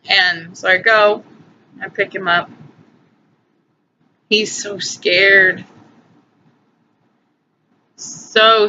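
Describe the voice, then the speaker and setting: A woman in her twenties, a vlogger, tells a personal story in a chatty, emotional, rambling style, full of "anyway" and asides. Her mid-range voice is bright and forceful. The phone recording sounds muffled with a faint hiss.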